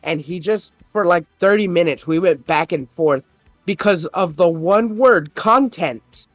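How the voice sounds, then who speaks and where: A man's voice: high voice, measured pace, no echo, faint music behind. A man on a podcast, casually telling a story, swearing often and getting worked up as he retells an argument. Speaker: podcast host. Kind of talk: casual chat.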